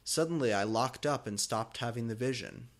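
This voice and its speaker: A man's voice: medium pitch, fairly even intonation, moderate pace. A man giving a comedic reading of fanfiction, reading overwrought prose with mock drama. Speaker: fanfiction reader.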